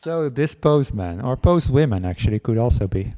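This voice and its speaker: Playful monk telling a silly story. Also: male voice, medium pitch, expressive, normal speed, dark tone. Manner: playful, self-mocking, acts out barking and chases. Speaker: Buddhist monk teacher. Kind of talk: humorous dharma talk storytelling.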